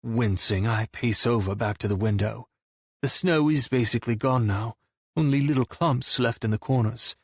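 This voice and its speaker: Husky male audiobook narrator. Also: mid-range voice, moderate pace, no echo, clean studio sound. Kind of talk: first-person audiobook narration.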